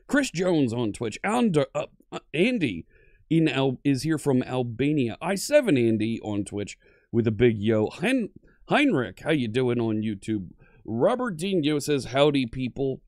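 A man's voice: fairly high pitch, darkish tone, dry recording, clean studio sound. A man hosting a live-streamed coding lesson, upbeat and friendly, greeting viewers one by one from the chat. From Pennsylvania.

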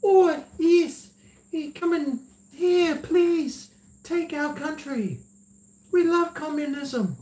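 A shrill, simpering citizen gushes with grovelling welcome. The voice sits far above a normal speaking register and sounds roomy, with noticeable echo. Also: male voice, slow, warm tone, slight background noise. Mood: mocking. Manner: gushing, mock-welcoming.

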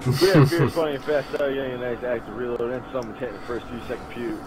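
A man giving rapid play-by-play commentary on a game match. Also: mid-range voice, steady tone, noisy background.

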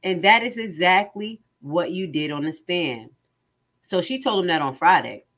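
A woman's voice: on the low side, lively intonation, moderate pace, a bit bright. A woman commentator reading out court transcripts and reacting to them with emphatic rhetorical questions. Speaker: online commentator.

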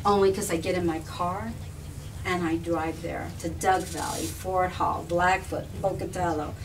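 A woman telling a personal story on a live panel, animated and often laughing, with restarts and repetitions. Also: on the low side, a little slow. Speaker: filmmaker and activist guest. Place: live event room with an audience. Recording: distant mic with background noise.

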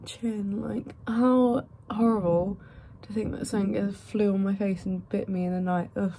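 A young woman talks to the camera in a loose, rambling way and laughs often. Her pitch sits at an ordinary middle height for a woman, and she chats like she is talking to a friend. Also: fairly even intonation, normal speed, dark tone, a little hiss or hum. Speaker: vlogger. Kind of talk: casual chat to camera.

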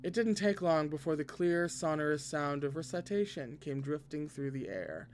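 A man reading a novel aloud expressively, now and then breaking in with excited asides. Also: a little high, moderate pace, slight background noise. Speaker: podcast reader.

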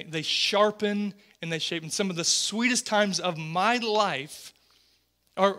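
A high-pitched man in his forties preaches a sermon. He is earnest and animated, often repeating words as he tells stories.

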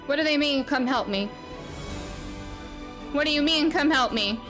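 A woman streamer reacting live to a video game, excitable and emotional, exclaiming often. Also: high voice, measured pace. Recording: game music playing behind her.

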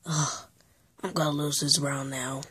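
A woman's voice: low voice, little pitch movement, a little slow, a bit bright, breathy edge. A woman narrating and voicing toys in an improvised play, talking in a half-whispered, sighing, rambling way. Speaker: toy play video maker.

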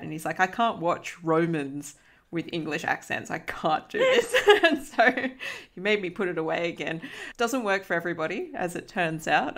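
A woman's voice: low-pitched, fairly bright tone. An Australian woman historian, a podcast guest, chatting with enthusiasm and easy laughter. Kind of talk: casual chat.

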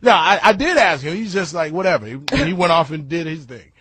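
A man's voice: a little high, animated, fairly quick, crowd noise. A man telling a long story in casual chat, rambling with frequent asides and restarts.

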